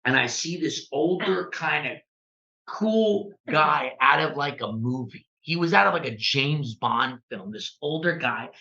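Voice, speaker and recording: Animated man telling a story, echoey. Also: on the high side, measured pace. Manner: animated, acts out quoted dialogue. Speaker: realtor guest on a real estate podcast. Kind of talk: casual storytelling. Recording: echoey room, dull lo-fi sound.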